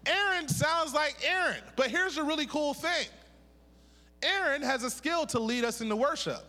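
A middle-aged preacher from Pittsburgh with a very high, bright, ringing voice, giving a lively sermon full of jokes. He keeps calling on the congregation to repeat key words back to him. A long reverb trails his words through the church hall. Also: normal speed. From Pittsburgh, USA. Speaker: pastor and prophet. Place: church sanctuary.

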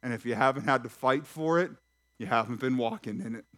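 A pastor preaching a sermon in church, lively and talking straight to the congregation with questions and jokes. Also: male voice, mid-range voice, fairly quick. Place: church sanctuary.

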